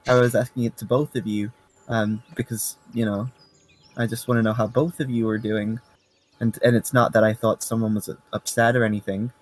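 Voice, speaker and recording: A man's voice: fairly low pitch, flat delivery, brisk, close to an everyday voice, rough recording. A man with a British accent playing an awkward human ranger who rambles and corrects himself.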